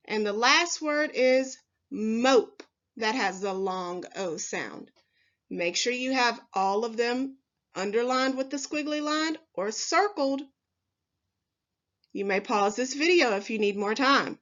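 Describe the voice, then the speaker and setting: A woman teacher giving a recorded first grade phonics lesson, speaking slowly and clearly to young children with encouraging words. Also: fairly high pitch, animated, fairly bright tone, lo-fi sound. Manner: slow, clearly enunciated, encouraging teacher talk.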